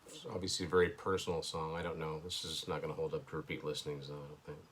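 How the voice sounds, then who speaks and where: A man with a very low voice talks through an album as he hears it, thinking aloud. His delivery is casual and hesitant, with dry little asides, and a faint hum sits behind him in a home room. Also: little pitch movement, fast, fairly bright tone. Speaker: host. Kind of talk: casual first-listen album commentary. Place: indoors at home.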